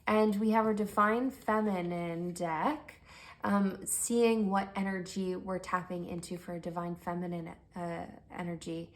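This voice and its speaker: A woman giving a pick-a-card tarot reading in a soft, gentle, affirming way that sometimes sinks to a near-whisper. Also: on the low side, steady tone, unhurried. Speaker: tarot reader.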